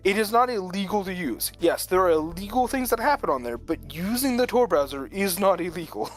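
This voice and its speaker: A man's voice: high-pitched, animated, fairly quick, soft background music. A man telling a long story in casual chat, rambling with lots of filler words and frequent chuckles. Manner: rambling, full of "like", chuckles often.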